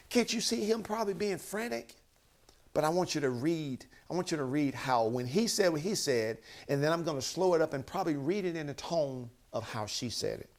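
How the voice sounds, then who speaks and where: A man's voice: on the high side, lively intonation, a little fast. A man giving an emphatic motivational talk, counting off his points one by one. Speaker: motivational speaker.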